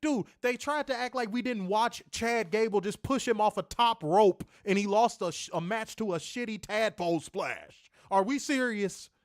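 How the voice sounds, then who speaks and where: A man's voice: high voice, moderate pace, hardly any pauses, no echo, clean studio sound. A man co-hosting a wrestling review show, ranting in an exasperated, profane, mocking way. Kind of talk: ranting casual review chat.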